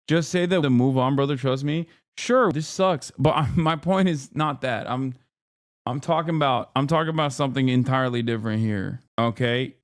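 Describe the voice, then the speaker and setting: A man's voice: mid-range voice, normal speed, no echo, studio quality. A man streaming, reacting to clips in casual, sarcastic commentary, repeating himself and laughing often.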